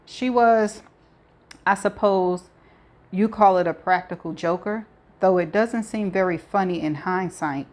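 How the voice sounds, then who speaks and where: A woman reading a novel aloud, voicing a shaken young woman who talks haltingly and corrects herself. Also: on the low side, darkish tone, close to an everyday voice.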